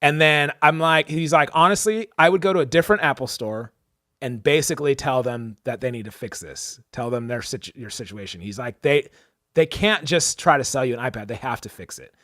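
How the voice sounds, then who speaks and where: A man's voice: mid-range voice, fairly quick, a bit bright, dry recording, clean studio sound. A young man co-hosting a podcast, telling a story casually and animatedly, acting out the people he quotes, with lots of "like" and "dude". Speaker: podcast co-host.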